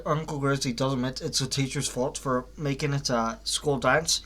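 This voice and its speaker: A man's voice: medium pitch, fairly even intonation, fairly bright tone. Rambling young man reviewing cartoons. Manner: rambling, halting, lots of fillers and restarts, blunt swearing. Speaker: vlogger reviewing a cartoon series. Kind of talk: casual spoken review.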